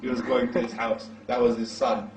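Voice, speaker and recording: A man preaching in the style of a storytelling sermon, animated as he acts out the dialogue. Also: medium pitch, moderate pace, distant mic. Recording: roomy echo from off-mic.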